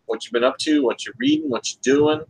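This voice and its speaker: A man's voice: on the high side, huge pitch swings, a little fast, vocal fry, husky, low-quality recording. Laid-back man hosting a comics chat. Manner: laid-back, jokey, reads out chat comments. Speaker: podcast co-host. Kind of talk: casual chat.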